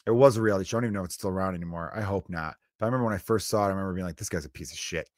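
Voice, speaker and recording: A man's voice: low voice, very fast, dry recording, clean studio sound. A man in his thirties hosting a comedy podcast, riffing in a profane, joking monologue. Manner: profane, riffing, mock impressions.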